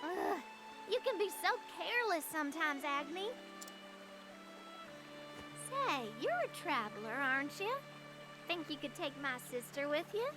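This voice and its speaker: A woman's voice: sits high, big pitch swings, a little slow, pauses often. An actress voicing a kind, fussing young country girl in a game, speaking with an American Southern country accent and a folksy twang. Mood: fond scolding. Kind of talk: game voice acting. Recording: game audio over loud music.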